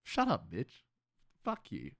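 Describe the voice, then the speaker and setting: Australian man, streamer, swears a lot, excitable, dry close sound, bright tone. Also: mid-range voice, slow, creaky, dry recording. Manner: loud, profane and excitable, swears freely. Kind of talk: casual live-stream chat with viewers.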